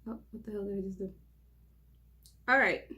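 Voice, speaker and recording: The young Mauritanian host speaks at a normal pace in a mid-range voice that is steady, bright, and forceful. Still, her casual vlog intro comes out nervous and giggly, rambling along with many restarts.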